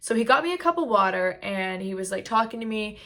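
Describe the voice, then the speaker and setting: Young woman, bright sharp voice, casual storytime vlog, chatty, camera mic at home. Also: mid-range voice, lively intonation, fairly quick. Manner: chatty, heavy use of "like". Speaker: vlogger.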